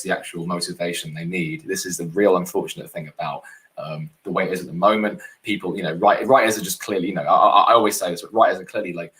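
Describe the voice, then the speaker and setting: A man on a publishing podcast who talks in a rambling, halting way, full of restarts. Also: low-pitched, a bit bright. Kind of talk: casual chat.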